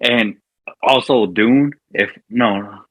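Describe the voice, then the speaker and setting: A man co-hosting a podcast, speaking in a halting way with many restarts. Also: mid-range voice, fairly bright tone, slightly rough, no room sound, low-quality recording. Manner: halting, restarts often, hesitant. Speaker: podcast co-host. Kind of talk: casual chat.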